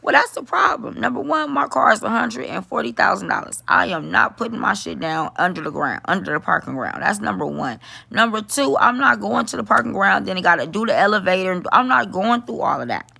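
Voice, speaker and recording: A middle-aged woman telling a story in a casual vlog, animated, talking to her viewers and swearing freely. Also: mid-range voice, brisk, gravelly, no room sound. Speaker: vlogger.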